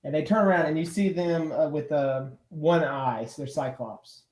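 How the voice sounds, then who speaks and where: Mellow-voiced man narrating a game. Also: fairly high pitch, moderate pace, roomy sound. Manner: rambling, full of fillers. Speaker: game master.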